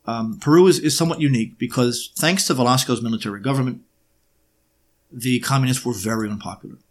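A man giving a lecture-style monologue, often pausing on fillers and throwing in sarcastic rhetorical questions. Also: mid-range voice. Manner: frequent filler hesitations.

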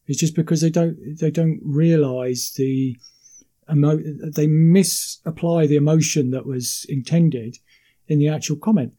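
A man with a slightly raised pitch and a deeply mellow, dark tone speaks in a relaxed conversation. He explains his views in a measured way, often doubling words before pressing on. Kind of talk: casual conversation.

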